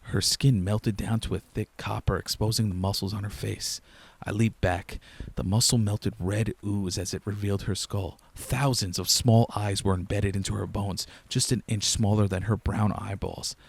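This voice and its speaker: Gravelly low-voiced man narrating horror. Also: moderate pace, few pauses. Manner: low-key, steady first-person storytelling.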